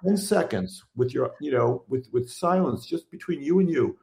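A man's voice: mid-range voice, lively intonation, normal speed, creaky, warm tone, reverberant. A man, a therapist and author, chatting casually and telling stories with quoted dialogue. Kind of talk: casual conversation.

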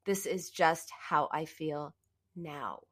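A woman's voice: takes it slowly, a bit bright, husky. A woman coaching listeners on binge eating in an earnest, emphatic self-help talk, addressing them directly. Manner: earnest and emphatic, often rising in pitch for emphasis; speaks directly to the listener in second person.

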